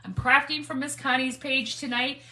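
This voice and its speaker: A woman's voice: high-pitched, flat delivery, moderate pace, sharp tone. A woman, hosting a live craft stream, chatty and laughing, greeting viewers by name. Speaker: craft livestream host.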